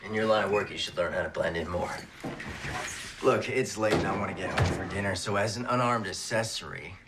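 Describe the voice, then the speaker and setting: A dry, sarcastic cop. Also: male voice, low-pitched, brisk, heavy background noise. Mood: sardonic. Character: dry, sarcastic middle-aged male police detective. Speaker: detective.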